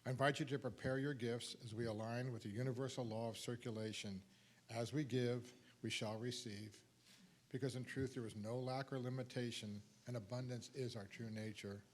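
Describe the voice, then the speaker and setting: A man's voice: medium pitch, fairly even intonation, normal speed, slight background noise. Friendly man giving church announcements. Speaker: service leader.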